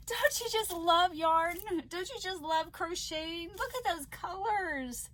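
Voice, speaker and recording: A woman crochet vlogger chatting casually to viewers as she opens parcels, gushing and excitable with frequent gasps. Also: very high voice, measured pace. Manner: gushing and excitable, gasping often. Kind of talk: casual unboxing chat to viewers.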